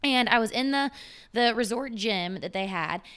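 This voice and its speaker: A woman's voice: fairly high pitch, moderate pace, fairly bright tone, clear, resonant tone. A woman in her twenties, a fitness trainer, chatting on a podcast in an enthusiastic, slangy way with lots of "like". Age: 20s. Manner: enthusiastic, filler-heavy, uses slang. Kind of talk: casual podcast chat.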